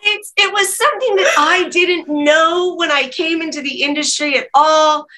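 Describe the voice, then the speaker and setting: A woman in her forties chatting casually as a guest, a candid and lively storyteller who laughs often. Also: extremely high pitch, normal speed, slight background noise, low-quality recording. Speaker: podcast guest. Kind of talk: casual chat.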